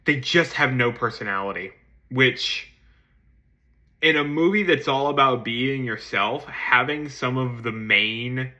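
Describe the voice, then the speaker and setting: A man giving a casual spoken film review, hesitant with many ums and restarts, swearing casually and jumping into excited emphasis. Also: unhurried. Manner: jumps to excited high-pitched emphasis.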